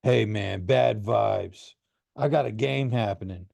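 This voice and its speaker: A lazy, spaced-out young gamer, as a male reader voices him, answering without interest. The sound is dark and mellow, dry and close. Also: on the low side, slow, creaky, no echo, exaggerated voice. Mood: dismissive.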